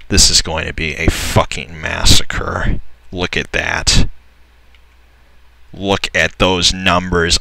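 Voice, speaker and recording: A young man casually commentating a strategy game, excitable and swearing, often laughing in disbelief. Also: low voice, creaky, dry recording, poor audio. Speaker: gameplay commentator. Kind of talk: casual let's-play commentary.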